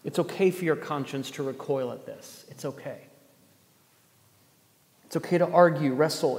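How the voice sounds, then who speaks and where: A man preaches with a slightly high voice that rings through a roomy hall. His sermon builds through pointed rhetorical questions and a touch of dry sarcasm. The long reverb trails behind every line. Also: a little mellow. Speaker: pastor. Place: church gathering space.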